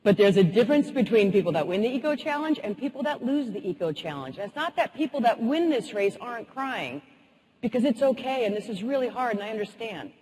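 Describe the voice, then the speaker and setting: Woman quoting a calm male team captain. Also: fairly high pitch, a little fast, breathy edge, in a large hall, poor audio. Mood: reassuring. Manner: calm, reassuring.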